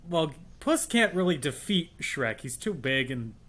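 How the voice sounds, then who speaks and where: Male podcast co-host, playful and joking, animated delivery, slightly high voice. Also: unhurried. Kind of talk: casual chat recapping a film.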